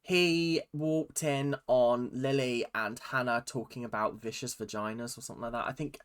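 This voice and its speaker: A vlogger ranting casually about a reality show, animated and swearing freely. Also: mid-range voice, moderate pace, clear, resonant tone. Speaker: YouTube recap vlogger.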